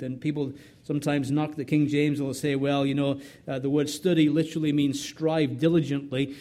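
Emphatic preacher, mellow voice. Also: male voice, on the high side, moderate pace. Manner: emphatic, rhetorical questions, frequent "right?"; repeats words, restarts. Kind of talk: expository sermon.

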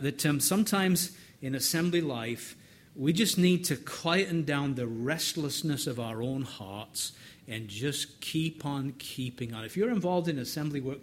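A man's voice: a little high, fairly bright tone. A middle-aged man preaching a sermon in an earnest, conversational way, often repeating words as he builds up.

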